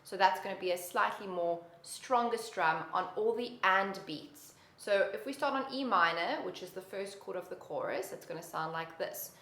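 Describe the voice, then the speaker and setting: A woman's voice: mid-range voice, moderate pace, few pauses. A woman teaching a beginner guitar lesson with patient, encouraging instruction. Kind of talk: guitar lesson with counting and singing. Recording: roomy echo, loud guitar behind.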